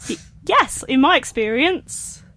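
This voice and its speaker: An earnest, self-righteous do-gooder who keeps soothing everyone around her, played by a young woman. The voice is high and bouncy in this improv comedy scene. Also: animated, unhurried, sharp tone, a little hiss or hum, exaggerated voice. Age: young adult. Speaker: improv performer.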